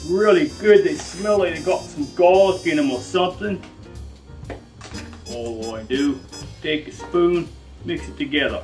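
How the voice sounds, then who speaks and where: A man's voice: a little high, unhurried, long pauses, darkish tone, distant mic, soft background music. A man hosting a mock-serious cooking demonstration, rambling and joking with slangy asides. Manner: jokey, rambling, drops slangy "mate" and "bloody". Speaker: cooking show host.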